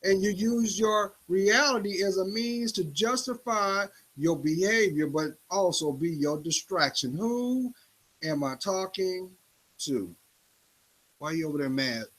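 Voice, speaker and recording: Husky man preaching motivation. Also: animated, unhurried, fairly bright tone, poor audio. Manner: emphatic, swings pitch up and down for effect. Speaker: motivational speaker.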